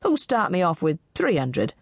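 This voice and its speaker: A woman's voice: lowish voice, huge pitch swings, moderate pace, slightly rough, no echo, clean studio sound, heavily acted. A woman voicing a young male auctioneer, eager and pleading, in an audiobook.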